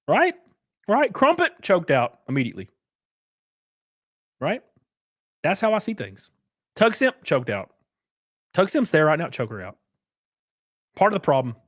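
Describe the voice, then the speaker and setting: In a fairly high voice, a young male streamer hosts a livestream, offering casual commentary through crude, mocking, animated rants punctuated by laughter. The studio-quality recording has no echo.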